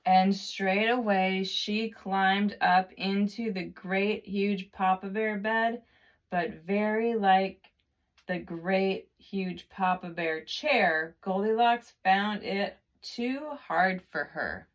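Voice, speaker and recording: A woman telling a children's storybook tale with expressive narration and dramatic, drawn-out repetitions. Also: medium pitch.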